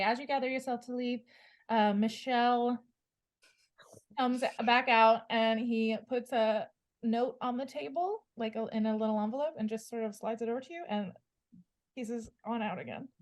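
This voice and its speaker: A woman running a tabletop game as game master, her voice sitting a little high. She narrates loosely and casually, laughing often between lines. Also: measured pace, pauses often.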